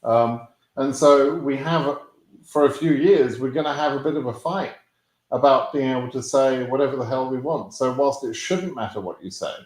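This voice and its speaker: A man's voice: medium pitch, moderate pace, darkish tone, reverberant. A British man hosting a live question-and-answer stream, talking bluntly with plenty of fillers and restarts. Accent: British English. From Britain. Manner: outspoken, blunt, swears, many fillers and restarts. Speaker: YouTube host answering viewers' visa questions.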